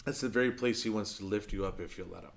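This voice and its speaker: A man preaching a sermon as pastor, conversational and earnest, telling stories and dropping to a soft, low voice for his key points. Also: quick pace, creaky.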